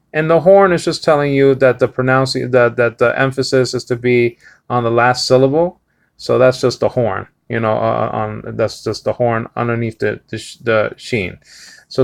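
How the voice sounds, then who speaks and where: A middle-aged man leads a live-streamed Hebrew reading lesson. His voice is gravelly but resonant, and he moves slowly. He sounds each word out syllable by syllable, with plenty of pauses and "uh"s. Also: mid-range voice, fairly bright tone. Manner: slow, halting, many fillers, sounds out words syllable by syllable. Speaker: Bible teacher.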